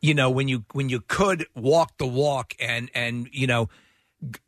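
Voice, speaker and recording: A man's voice: medium pitch, unhurried, a bit bright, no room sound, studio quality. A man co-hosting a casual chat, sarcastic and scornful. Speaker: co-host.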